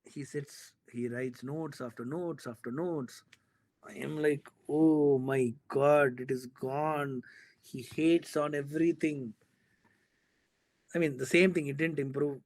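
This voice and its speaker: Animated man telling a story. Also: on the high side, unhurried. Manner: animated storyteller, acts out quoted dialogue. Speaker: filmmaker guest. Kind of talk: casual storytelling interview.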